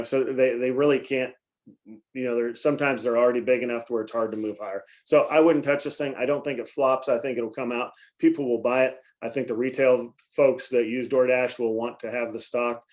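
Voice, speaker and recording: Male market-commentary host, loose and chatty, throat-clearing and coughing, lots of fillers, computer mic. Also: mid-range voice, darkish tone. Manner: rambling, many fillers and self-corrections. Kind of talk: casual live market commentary.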